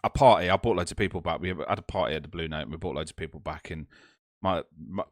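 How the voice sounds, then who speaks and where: A young man, telling a ghost story in casual podcast chat, swearing freely and laughing loudly. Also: sits low, quick pace, no echo, clean studio sound. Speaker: podcast co-host.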